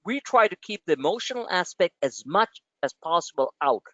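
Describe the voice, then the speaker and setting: A man's voice: on the high side, moderate pace, hardly any pauses, no room sound. A male trading show host talking brashly and with jokes through a live market webinar, calling his listeners "my friend". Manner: animated, brash and joking, addresses listeners as "my friend". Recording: dry, dull lo-fi stream audio.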